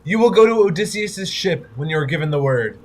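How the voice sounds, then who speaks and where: A young man, a student actor, playing a stern herald of the conquering army in a stage tragedy, speaking in a measured, commanding way. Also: a little high, expressive, close to an everyday voice. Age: young adult.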